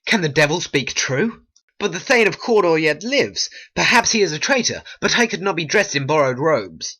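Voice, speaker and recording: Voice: medium pitch, sing-song, moderate pace, sharp tone. Someone voicing brooding ambitious nobleman. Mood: musing. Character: troubled ambitious male nobleman, Macbeth. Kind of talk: homemade animation voice acting.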